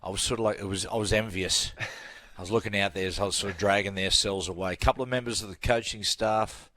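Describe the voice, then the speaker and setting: A man's voice: lowish voice, fairly even intonation, fast, sharp tone. A man, a radio guest, telling a rambling anecdote with laughs in casual chat.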